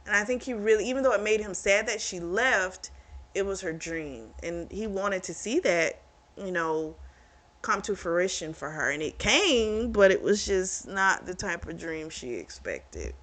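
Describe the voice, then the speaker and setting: A woman's voice: medium pitch, animated, a little slow, fairly bright tone. A woman hosting her own book review channel, chatting casually through the plot with lots of "like" and "you know".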